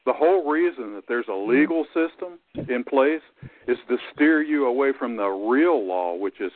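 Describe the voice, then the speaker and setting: A man's voice: medium pitch, expressive, normal speed, dry recording. A man hosting a radio talk show, agreeable and explaining steadily. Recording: dry, tinny phone-like sound.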